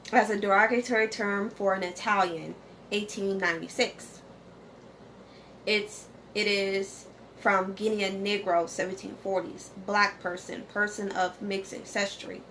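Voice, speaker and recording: A woman's voice: medium pitch, steady tone, unhurried, fairly bright tone, a little hiss or hum. A woman hosting a casual educational vlog. She talks conversationally, often checks in with "okay?", and reads source text aloud while stumbling over some pronunciations. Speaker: channel host.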